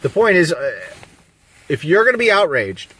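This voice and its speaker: A man's voice: a little high, sing-song, normal speed, pushed and bright, slightly rough. A man talking on a live video stream, rambling and emphatic, full of rhetorical questions. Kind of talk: casual live-stream monologue. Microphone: phone on a mobile signal.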